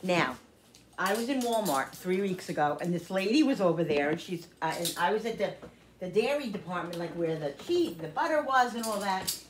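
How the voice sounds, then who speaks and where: A woman's voice: on the low side, expressive, moderate pace. Woman in her fifties, home cooking host, rambling storyteller, recorded in an echoey kitchen. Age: 50s. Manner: chatty storyteller, acts out the voices in her anecdotes. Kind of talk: casual kitchen chat. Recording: echoey kitchen, faint noise.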